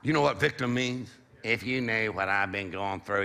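A man's voice: mid-range voice, animated, a little fast, vocal fry, sharp tone. A middle-aged man preaching a sermon, exhorting the congregation with call-and-response and a repeated "come on".

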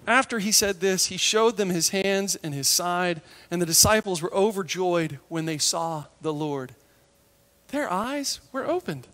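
A man preaching a sermon, animated, acting out the voices of biblical figures and dropping to a hush for tender moments. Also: high voice, measured pace, long reverb tail.

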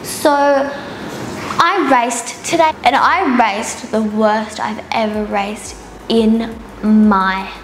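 A woman's voice: a little high, drawn-out words, a little hiss or hum. Tired, giggly young woman in a salon. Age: young adult. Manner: chatty, self-mocking, giggly, rambling. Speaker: beauty vlogger. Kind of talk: casual hair tutorial chat. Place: hair salon. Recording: roomy salon with music underneath.

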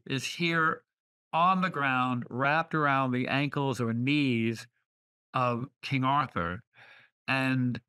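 Slow, bright-voiced male lecturer. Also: mid-range voice. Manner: deliberate, reads verse aloud with careful emphasis. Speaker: lecturer on poetry. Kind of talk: online literature lecture.

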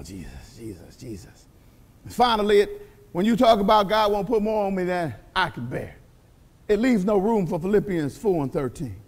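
A pastor preaching a sermon in a church, emphatic and repetitive, often crying out hallelujah. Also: male voice, extremely high pitch, fairly bright tone, in a large hall. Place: church sanctuary.

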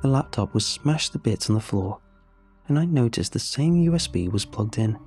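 A man reading a first-person horror story in a steady, measured storytelling voice. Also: medium pitch, faint music behind. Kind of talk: scripted horror narration.

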